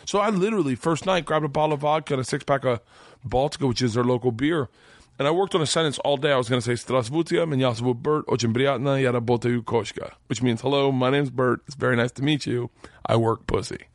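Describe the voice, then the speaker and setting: A man in his forties telling a long story in casual podcast chat, profane and animated, his voice leaping up when he quotes himself. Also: medium pitch, fast talker, no room sound, studio quality. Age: 40s. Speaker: podcast guest.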